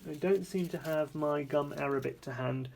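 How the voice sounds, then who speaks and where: A man giving a casual, hands-on painting tutorial, chatty and relaxed, thinking aloud and correcting himself as he works at a painting table. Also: fairly high pitch, moderate pace, vocal fry, a little hiss or hum. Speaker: art supplies reviewer demonstrating paints.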